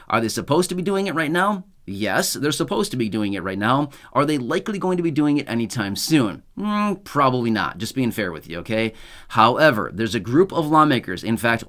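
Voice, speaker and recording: A man's voice: medium pitch, a bit bright. A man hosting his own video channel, explaining benefit news in a chatty, upbeat and lightly sarcastic way, often repeating himself. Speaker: YouTube channel host. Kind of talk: casual explainer monologue.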